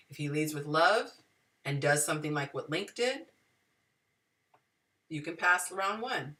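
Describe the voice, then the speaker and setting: A woman's voice: sits low, expressive, measured pace, long pauses, pushed and bright, distant mic. A woman hosting a live dating advice talk, speaking to viewers in an emotional, preachy, spiritual way.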